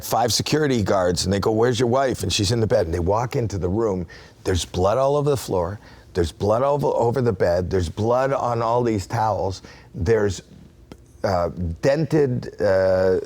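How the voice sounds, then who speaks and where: A man in his sixties, an interview guest, telling a story in a lively, laughing way and acting out the voices of people in it. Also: mid-range voice. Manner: animated, laughing, acts out quoted voices. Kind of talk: casual storytelling.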